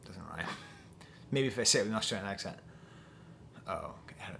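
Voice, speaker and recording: A man's voice: low voice, expressive, normal speed, gravelly, long pauses, sharp tone, slight background noise. A man giving a casual album review to camera at home, chatty and thinking aloud with fillers and restarts. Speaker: music reviewer.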